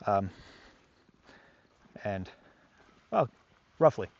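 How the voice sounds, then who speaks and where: A man's voice: on the low side, big pitch swings, extremely slow, vocal fry, muffled recording. A man working as a dog trainer, talking casually to the camera on an outdoor walk, rambling and reflective with many fillers.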